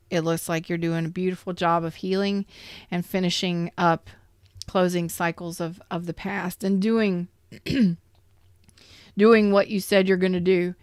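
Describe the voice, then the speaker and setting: A woman's voice: fairly low pitch, smooth, dry recording, clean studio sound. A woman giving a tarot reading to her viewers, earnest and emotional, repeating herself as she speaks straight to them. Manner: earnest, repetitive, emotional, addresses viewers directly. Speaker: tarot reader.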